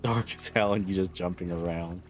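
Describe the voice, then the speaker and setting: A man streaming a roleplay game, chatting casually with viewers, relaxed and joking, swearing freely. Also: deep voice, normal speed, faint music behind. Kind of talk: casual livestream chat.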